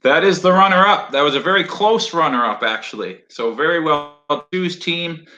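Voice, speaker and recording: A man's voice: fairly high pitch, moderate pace, sharp tone, highs cut off. A man co-hosting a casual virtual award show over a video call, jokey and upbeat. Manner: jokey, upbeat, loose with fillers. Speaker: awards co-host.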